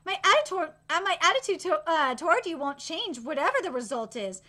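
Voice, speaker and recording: Woman doing a nervous devoted servant guy, soft hesitant polite voice, high and bright. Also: big pitch swings, a little fast, heavily acted. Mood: earnest.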